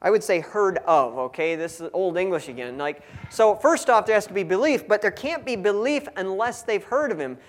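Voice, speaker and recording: Folksy high-voiced preacher. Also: male voice, expressive, moderate pace, few pauses. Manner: folksy, with frequent asides. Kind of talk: conversational Bible teaching.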